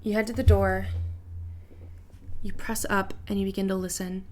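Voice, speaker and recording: A woman's voice: medium pitch, little pitch movement, moderate pace, darkish tone. A woman running a tabletop game as game master, describing scenes casually with many fillers. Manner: casual, filler-heavy narration.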